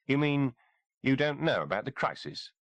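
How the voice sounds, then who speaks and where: A man's voice: medium pitch, big pitch swings, normal speed, no echo, voice pushed up. A man reading a polite English army lieutenant. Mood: polite urgency. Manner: courteous, clipped, insistent. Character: polite British army lieutenant, brisk and formal.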